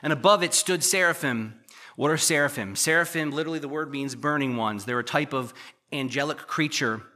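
A man in his thirties preaches to his congregation, reading scripture and jumping into animated asides. His voice is bright and forceful and pitched a touch high. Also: a little fast. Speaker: pastor.

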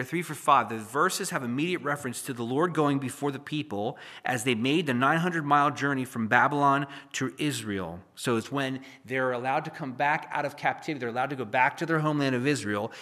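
A pastor preaches a verse-by-verse expository sermon, reading scripture aloud with force before dropping into low, chatty asides to the congregation. He swings between loud readings and quiet, conversational remarks, joking with the people listening.

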